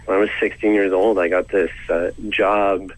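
A man's voice: deep voice, little pitch movement, normal speed, low-quality recording. A young Canadian man, a comedian and storyteller, telling a self-deprecating story in a casual, rambling way with lots of "like" and "you know".

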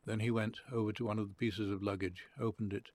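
A man reads a literary story aloud in a calm, measured way. His voice sits on the low side and carries a husky grain. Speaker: narrator. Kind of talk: literary reading.

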